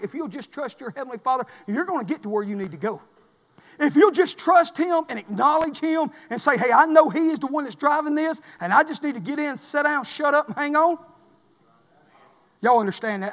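A man preaching a sermon in church, swinging between loud impassioned calls and hushed pleading. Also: very high voice, in a large hall. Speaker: pastor. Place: church sanctuary.

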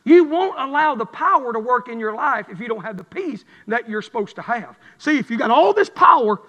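A man's voice: very high-pitched, animated, fairly quick, bright, forceful tone, dull audio. A man preaching a revival sermon in church, with a rhythmic, building cadence. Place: church sanctuary. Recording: long hall reverb.

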